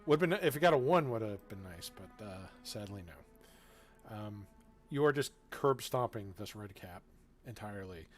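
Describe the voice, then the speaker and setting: A man acting as game master, narrating a tabletop game in a relaxed way, often chuckling and filling his talk with ums and uhs. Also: fairly low pitch, a little slow, soft background music. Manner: relaxed, chuckling, with filler-heavy asides.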